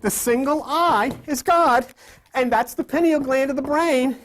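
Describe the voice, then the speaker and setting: A man teaching a Bible lesson like a sermon, with emphatic, repetitive preaching that swings from loud to whispered, often quizzing his listeners. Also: very high voice, a little slow, a little hiss or hum.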